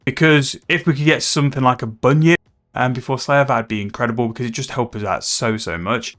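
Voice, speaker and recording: A man's voice: mid-range voice, brisk, fairly bright tone, soft background music. A man chatting casually and rambling about his game progress as a gaming video host. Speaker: gaming YouTuber.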